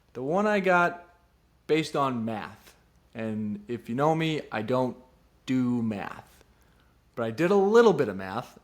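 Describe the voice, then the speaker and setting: A young man hosting his own golf betting show, rambling casually and joking at his own expense. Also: medium pitch. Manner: rambling and self-deprecating, jumps between serious and goofy. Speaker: podcast host giving golf betting picks. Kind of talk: casual solo commentary.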